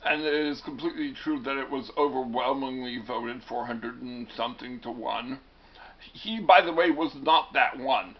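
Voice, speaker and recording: A man's voice: medium pitch, moderate pace, muffled recording. A male teacher giving a classroom lecture in a wry, digressive way, often stumbling and restarting words.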